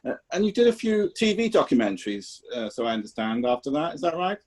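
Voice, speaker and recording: Man asking gentle interview questions. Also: on the high side, big pitch swings, quick pace. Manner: soft, brief prompting questions. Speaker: interviewer, host. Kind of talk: casual interview.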